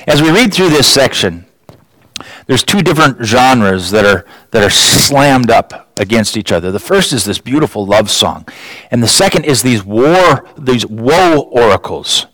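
A man preaching a sermon, building emphasis with sudden rises in pitch and repeating words as he restarts his phrases. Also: expressive, unhurried, fairly bright tone, dry recording, poor audio.

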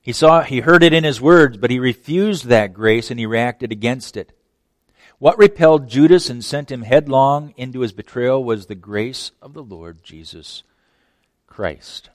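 A man's voice: mid-range voice, unhurried, dry recording. Emphatic preacher, man, dry close voice. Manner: emphatic, repeats words, many rhetorical questions. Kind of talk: sermon.

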